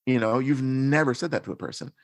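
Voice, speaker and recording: A man's voice: mid-range voice, fast talker. A man talking as a podcast guest, earnestly recounting his experiences in a reflective, conversational way. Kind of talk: conversational storytelling.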